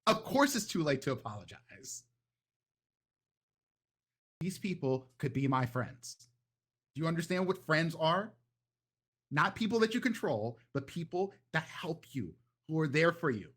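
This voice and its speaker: Guy putting on a tiny furious vampire girl singer, shrill and swearing, loud and jumping way up high, husky underneath. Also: expressive, a little fast, long pauses. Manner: ranting, swearing, shrill outbursts.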